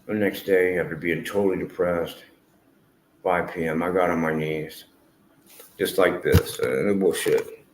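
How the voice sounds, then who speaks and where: Deep-voiced man telling a rambling testimony. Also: fairly even intonation, a little slow. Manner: rambling, earnest, swears freely. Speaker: streamer. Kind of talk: emotional personal testimony. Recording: echoey room with faint noise.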